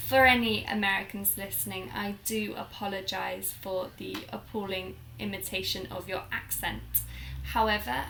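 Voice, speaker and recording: A woman's voice: medium pitch, steady tone, normal speed, creaky, a bit bright, roomy sound, slight background noise. A woman with a British Received Pronunciation accent from the South of England, teaching pronunciation and carefully articulating each example word. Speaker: English teacher. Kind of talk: pronunciation lesson.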